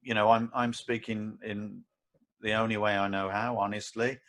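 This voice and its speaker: A man co-hosting a casual podcast chat about martial arts, forthright and quick to laugh, speaking his mind. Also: fairly low pitch, level tone, a bit bright.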